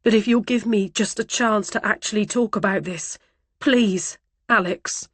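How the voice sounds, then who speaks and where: An insistent young man behind the wheel, urgent and pleading, as a woman narrator puts him on. The voice sits at an ordinary middle pitch, with a dry, close sound. It is an audiobook thriller reading. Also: unhurried, fairly bright tone, no echo.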